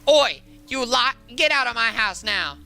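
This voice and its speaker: Young man putting on a shrill mock-British nanny. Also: lively intonation, a little slow, gravelly, pushed and bright, soft background music, full character voice. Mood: scolding. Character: bossy British nanny with a bayonet rifle.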